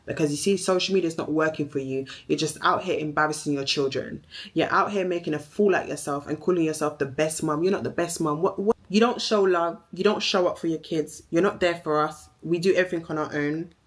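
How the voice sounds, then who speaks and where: A young woman with a Jamaican accent delivering a heated, accusing, repetitive social media rant, swearing as she goes. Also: fairly low pitch. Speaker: vlogger.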